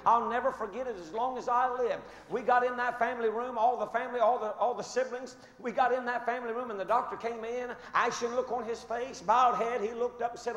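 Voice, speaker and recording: High-voiced preaching man in echoey church. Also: fairly even intonation, brisk, few pauses, lo-fi sound. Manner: impassioned preaching, swinging from shouts to hushed storytelling. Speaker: pastor. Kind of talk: sermon. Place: church sanctuary. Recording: echoey church hall with faint music.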